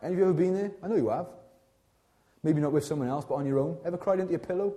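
A young adult man preaching a sermon in a lively, conversational way, full of asides and repeated words. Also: on the high side, very fast. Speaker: pastor.

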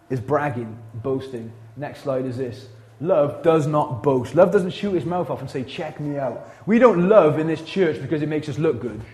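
A Welsh man preaching a casual, animated sermon as pastor of a church, full of slang and quick asides. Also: mid-range voice.

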